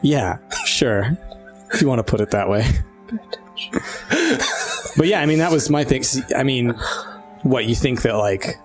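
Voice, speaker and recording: Halting, filler-heavy man at a game table. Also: medium pitch, animated, soft background music. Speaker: game master. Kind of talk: tabletop role-play.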